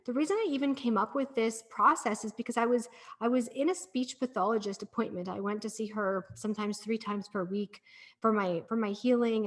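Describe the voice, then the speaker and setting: A middle-aged woman, a breathwork practitioner, talking as a podcast guest in an earnest, encouraging storytelling manner. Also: fairly high pitch. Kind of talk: casual podcast conversation.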